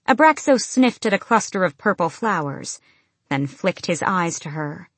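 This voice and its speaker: Low-voiced woman narrating a fantasy audiobook. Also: expressive, moderate pace, a bit bright, no echo.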